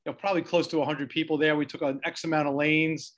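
A man's voice: on the high side, level tone, quick pace, a bit bright. A man casually recalling a family event as a guest in a conversation, easygoing and plain-spoken. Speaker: interview guest, relative. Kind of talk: casual recollection.

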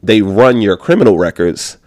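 Animated slangy man telling a story. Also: lowish voice, moderate pace, dry recording, studio quality. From Baltimore. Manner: animated, slangy, acts out other people's voices. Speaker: podcast guest. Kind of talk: casual storytelling.

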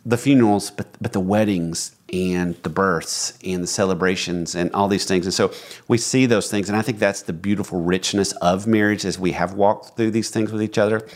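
Middle-aged man, low voice, earnest, reflective, casual podcast chat. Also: fairly even intonation, moderate pace. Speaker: podcast co-host.

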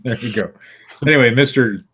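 In casual podcast chat, a co-host with a medium-pitched, fairly quick voice that's a bit bright and husky reads strange news stories wryly, breaking into laughter now and then.

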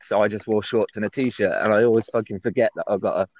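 A man from England with a West Country accent, a guest on a casual call-in chat, easygoing and quick to laugh. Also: on the low side, steady tone, highs cut off, a little hiss or hum. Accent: English, West Country.

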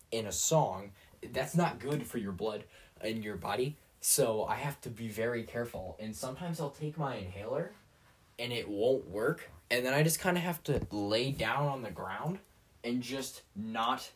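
Far from the mic, a medium-pitched man's voice carries a teenage boy's podcast rant: a rambling solo monologue that's sarcastic and self-mocking, loaded with fillers and restarts.

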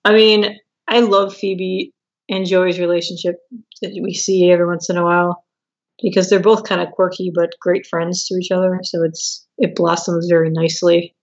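A woman's voice: on the low side, flat delivery, moderate pace, dull audio. A woman co-hosting a casual podcast chat, talking loosely and acting out quotes with a laugh. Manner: chatty, laughing, acts out quotes. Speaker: podcast co-host.

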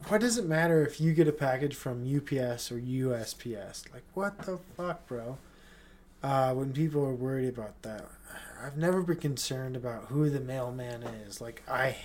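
A man's voice: mid-range voice, dark tone. A man hosting his own podcast, rambling in a casual solo rant with lots of swearing, restarts and incredulous questions. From Utah. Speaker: podcast host.

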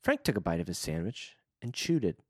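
A man co-hosting a casual podcast, reading a book aloud and chatting with lively laughter. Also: low-pitched, fairly quick, dry recording, studio quality. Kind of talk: casual chat and read-aloud.

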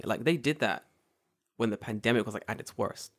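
A man's voice: mid-range voice, lively intonation, quick pace. A man co-hosting a podcast, telling a story in casual chat, swearing freely and mimicking others in sarcastic voices. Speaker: podcast co-host.

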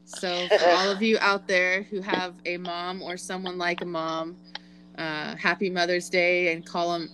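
A woman co-hosting a podcast, her voice sitting a little low. She chats with a few fillers, then reads the closing announcements in a steady, practiced way. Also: a little slow, a little hiss or hum. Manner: hesitant with fillers in chat, smooth and steady when reading the sign-off. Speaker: podcast co-host. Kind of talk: casual chat, then a read-out outro.

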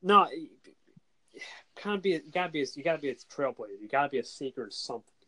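Quick-talking guy, northeastern us accent, earnest, repeats himself a lot. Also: a little high, lively intonation, pushed and bright. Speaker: guest caller. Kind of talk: casual podcast chat.

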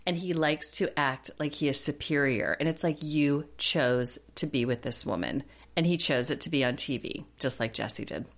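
Podcast co-host, woman, deep register, emphatic and opinionated in casual banter. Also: moderate pace. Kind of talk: casual recap chat.

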